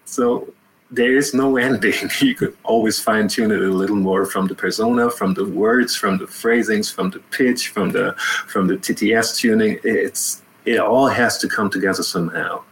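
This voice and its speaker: A man's voice: on the low side, normal speed, low-quality recording. Male guest, easygoing and laughing, slight hiss behind. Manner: lively, laughing, repeats words. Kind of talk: casual interview talk.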